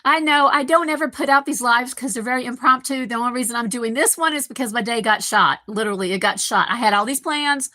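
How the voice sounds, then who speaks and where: A woman's voice: fairly high pitch, fast, hardly any pauses, sharp tone, dry recording. Chatty woman in her fifties. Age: 50s. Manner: rambling, chatty, talks to viewers by name. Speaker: live-stream host. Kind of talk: casual live-stream chat. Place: home kitchen. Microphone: computer microphone.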